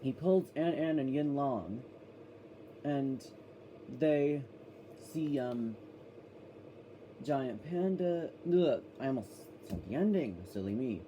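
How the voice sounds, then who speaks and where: A man's voice: mid-range voice, animated, takes it slowly, pauses often, warm tone, muffled recording, a little hiss or hum. A man giving a casual, rambling review of a children's cartoon, often correcting himself as he goes.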